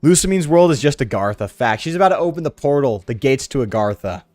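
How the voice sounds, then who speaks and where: A young man with a sore throat giving slangy, excitable commentary while playing a video game. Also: medium pitch, quick pace, no room sound. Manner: slangy, excitable, lots of "dude" and "bro". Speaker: gaming video host.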